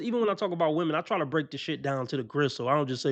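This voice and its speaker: Gravelly, profane man. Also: fairly high pitch, racing, lo-fi sound. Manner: profane, emphatic, laughs at his own mock quotes. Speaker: channel host. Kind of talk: casual commentary stream.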